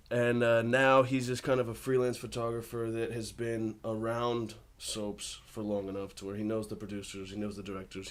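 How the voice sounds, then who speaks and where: Laid-back young man telling stories. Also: lowish voice. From United States. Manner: laughs often, relaxed storytelling. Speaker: actor guest. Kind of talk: casual interview chat.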